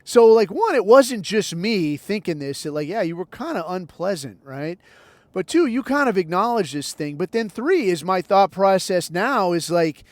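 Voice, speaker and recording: American male host, higher voice, casual wry storyteller, dry close sound. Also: big pitch swings, moderate pace, no echo. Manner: loose, wry storyteller acting out other voices. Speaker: podcast host.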